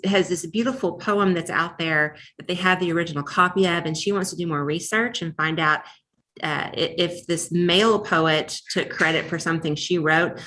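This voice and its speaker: Chatty woman with a bright voice. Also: lowish voice. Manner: chatty, rambling with many fillers and restarts. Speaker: library podcast co-host. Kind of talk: casual book chat.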